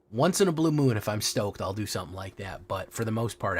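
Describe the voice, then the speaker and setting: A man's voice: low voice, lively intonation, fast, hardly any pauses, slight background noise. A man streaming a card game, chatting casually with his viewers, swearing freely and often restarting his sentences. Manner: casual and profane, restarts a lot. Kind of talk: casual livestream chat.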